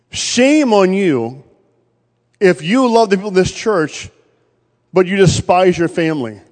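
A man preaching a sermon in a church, moving between loud declarations and quiet storytelling. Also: high voice, long reverb tail. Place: church sanctuary.

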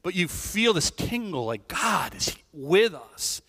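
A man preaching in a relaxed, chatty way, his fairly high voice carrying through a church hall with a long echo. He keeps checking in with the congregation and restarts his sentences as he goes. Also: slow pace. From Irish family background. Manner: conversational, tag questions, many restarts. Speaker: pastor. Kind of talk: sermon. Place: church sanctuary.

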